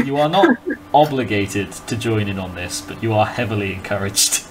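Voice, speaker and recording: A man's voice: fairly low pitch, huge pitch swings, measured pace, noisy background. A man running a tabletop game as game master, wry and exasperated, laughing often.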